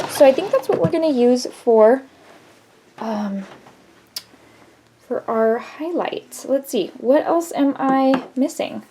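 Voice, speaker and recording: A woman's voice: on the high side, darkish tone. A woman chatting casually on her vlog about makeup picks, rambling and laughing often. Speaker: beauty vlogger. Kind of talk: casual makeup haul chat.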